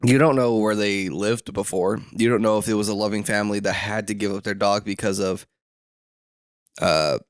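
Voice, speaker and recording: A young man hosting a solo podcast from a room at home, rambling with lots of fillers and restarts, his throat rough and catching. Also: lowish voice, fairly even intonation, normal speed, no room sound, clean studio sound. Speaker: podcast host.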